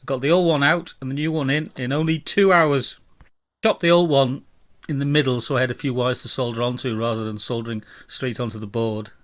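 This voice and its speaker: A man's voice: medium pitch, fairly even intonation, a little fast, no room sound. A man, casually talking through his own bike repair in a vlog, chatty, blunt and self-mocking. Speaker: DIY e-bike vlogger.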